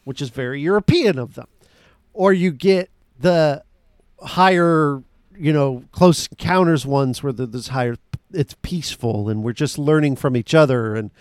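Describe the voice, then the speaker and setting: A man hosting a podcast in casual chat, joking and animated with quick asides. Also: a little high, no room sound, clean studio sound. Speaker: podcast host.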